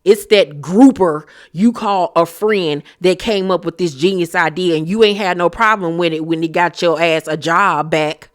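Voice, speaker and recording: A woman's voice: fairly low pitch, moderate pace, hardly any pauses. A young woman recapping reality TV, talking bluntly and heatedly, swearing often. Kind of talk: profane opinionated recap chat.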